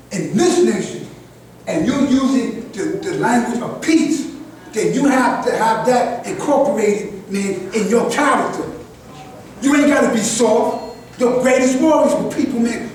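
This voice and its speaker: An older man with a high voice gives an impassioned, preachy address to a group at a community gathering, repeatedly calling out "God" and restarting often. He's heard from a distance in a very echoey room with faint background noise.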